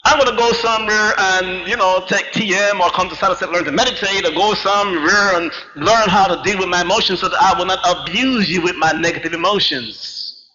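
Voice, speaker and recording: A man delivers a spiritual lecture in a high, bright, ringing voice, piling up rhetorical questions and checking in with his listeners. It is an old, dull-sounding 1990s recording with long reverb from the lecture hall. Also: fairly quick. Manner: emphatic, rhetorical questions, frequent "you see". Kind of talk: public lecture to a live audience.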